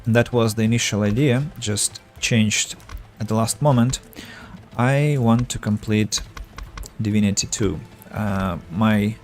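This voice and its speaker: A man streaming a game, thinking aloud in halting casual commentary, his voice tired and fading. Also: mid-range voice, a little mellow. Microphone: earbuds.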